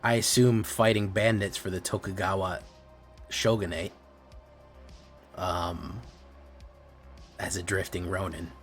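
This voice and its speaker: A man's voice: sits low, little pitch movement, slow, long pauses, faint music behind. A man streaming a card game, casually commenting on plays and teasing his chat in a playful way. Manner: playful, teasing, talks to viewers.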